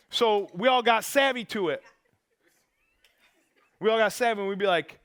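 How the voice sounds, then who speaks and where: A man preaching a sermon in a church, animated, acting out quotes and swinging from loud bursts to hushed tones. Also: sits high, normal speed, long pauses, clean tone. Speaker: pastor. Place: church auditorium.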